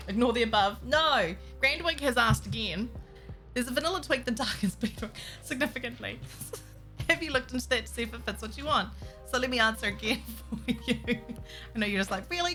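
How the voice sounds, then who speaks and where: A young woman streaming a building game, chatting casually with viewers, giggly and excitable and reacting loudly to surprises. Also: a little high, brisk. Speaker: Minecraft streamer. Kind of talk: casual live-stream chat. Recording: faint music under the voice.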